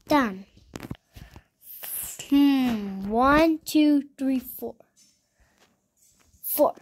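A female gaming video host giving casual commentary on her gameplay, chatty and playful, repeating words in little chants and often dropping into a soft near-whisper. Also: high-pitched, expressive, extremely slow, pauses often.

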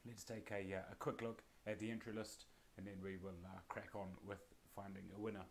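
A man with a croaky, laryngitis-strained voice hosts a live-streamed prize draw, greeting viewers by name in a friendly way. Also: lowish voice, flat delivery, brisk, a little hiss or hum.

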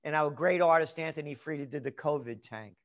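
A man speaking as a guest trend forecaster in an interview, ranting angrily and profanely and breaking into shouts. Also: a little high, fairly quick. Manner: angry, profane, shouts in bursts. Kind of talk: heated interview rant.

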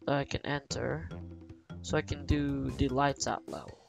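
Gravelly-voiced ranting young gamer guy. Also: mid-range voice, normal speed. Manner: swearing, ranting, exasperated. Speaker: let's play gamer. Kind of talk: frustrated gameplay commentary. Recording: game music behind voice.

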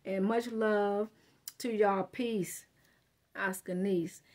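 A woman's voice: mid-range voice, steady tone, extremely slow, a little mellow. A woman giving a casual tarot reading, talking straight to her listener in a blunt, slangy, profane and emphatic way. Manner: emphatic, addresses listener directly. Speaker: tarot reader.

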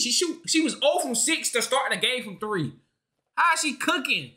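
A man's voice: very high voice, very animated, normal speed, sharp tone. A young man streaming a reaction to a sports clip, ranting in an exasperated, slangy way. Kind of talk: casual reaction commentary.

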